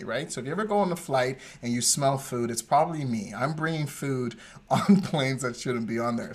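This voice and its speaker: A man co-hosting a podcast, telling a story in a lively, digressive way and often laughing. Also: medium pitch. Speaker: podcast co-host. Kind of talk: casual chat, storytelling.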